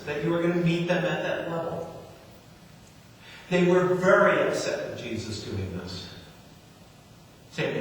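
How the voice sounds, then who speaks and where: A male pastor delivers a storytelling sermon, leaning on repetition to drive his points home. His voice sits a little high and rings around a large hall with a long, echoing tail. He sounds set back from the microphone, with faint room ambience underneath. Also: a little hiss or hum. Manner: storytelling preacher, repeats phrases for emphasis. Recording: echoey hall, mic from far off.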